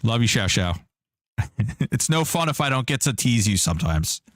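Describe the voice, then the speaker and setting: A man's voice: medium pitch, sing-song, moderate pace, no echo, clean studio sound. A man streaming an online game, chatting casually and joking while answering his chat. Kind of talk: casual live-stream commentary.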